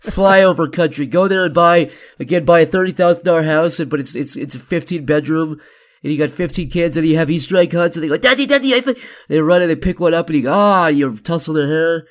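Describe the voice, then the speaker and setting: A man chatting as a podcast guest, his voice sitting a little high. He rambles through comic riffs and swears freely as he talks. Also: steady tone, fast talker. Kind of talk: casual chat.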